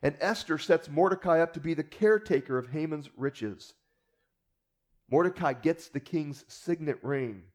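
A man's voice: fairly high pitch, animated, moderate pace, darkish tone. A man preacher teaching a Bible story in a casual storytelling way, with rhetorical asides to the listeners.

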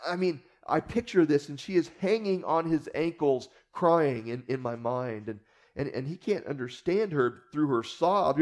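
A male preacher with a somewhat high but mellow, warm voice. He teaches in a relaxed storytelling way and keeps turning to the listeners with rhetorical asides. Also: moderate pace. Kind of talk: conversational Bible teaching.

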